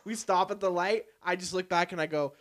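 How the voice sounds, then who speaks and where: Young man, podcast host, casual chat, animated storyteller, higher-pitched voice. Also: fairly quick. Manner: animated storyteller, swears freely.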